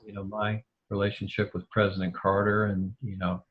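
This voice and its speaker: A man's voice: on the low side, flat delivery, normal speed, lo-fi sound, slight background noise. A man being interviewed over a video call, speaking hesitantly with many restarts and fillers. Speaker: interview guest.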